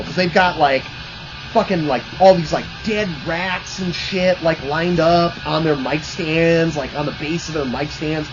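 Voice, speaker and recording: A man's voice: fairly high pitch, unhurried, dull audio, music in the background. A man hosting his own channel, telling rambling, profane stories in a casual way with lots of fillers.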